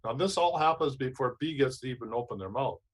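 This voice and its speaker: A man's voice: mid-range voice, animated, fast talker, low-quality recording. Emphatic man preaching advice. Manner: emphatic, preachy, repeats phrases. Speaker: show host. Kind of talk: casual advice talk.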